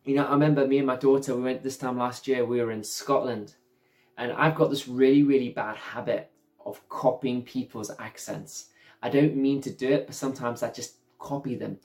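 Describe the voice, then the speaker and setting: A man's voice: mid-range voice, steady tone, normal speed, darkish tone. A middle-aged man preaching an earnest, conversational sermon as a pastor, often saying "you know".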